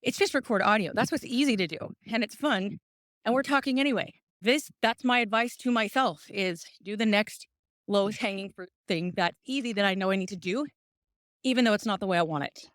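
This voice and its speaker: A woman hosts a podcast while walking uphill outdoors, recorded on a phone and audibly out of breath. Her medium-pitched, fairly bright voice moves fairly quickly through casual, upbeat, encouraging stream-of-consciousness talk, with studio quality and no room sound.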